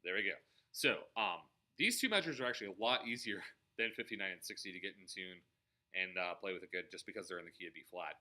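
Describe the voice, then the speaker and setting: Speaking quickly in a low, lively voice that sounds pushed and bright, a man runs a trumpet practice lesson. As the teacher, he walks through the measures and sings rhythms out loud in between playing short passages.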